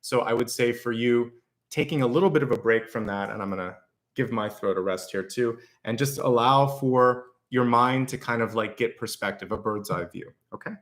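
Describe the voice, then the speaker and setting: A man walks his viewers through the week's tarot spread, one star sign after another. His voice sits at an ordinary middle pitch. He talks in a loose, conversational way, stopping to reword himself and steadily reassuring the listener. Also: moderate pace, fairly bright tone. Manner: reassuring, speaks directly to viewers; conversational, with fillers and restarts. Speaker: tarot reader. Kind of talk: weekly astrology and tarot reading.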